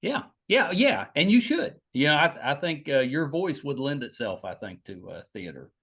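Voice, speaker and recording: A man with a West Virginian accent hosting a podcast interview, talking in a halting way with many restarts. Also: mid-range voice, very animated, fairly bright tone, slightly rough. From West Virginia, United States. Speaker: podcast host. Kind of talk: casual interview chat.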